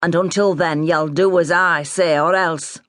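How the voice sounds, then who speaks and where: A man's voice: on the high side, fairly even intonation, a little slow, bright, forceful tone, dry recording, clean studio sound. A woman voicing a stern older farmer father, blunt and scornful.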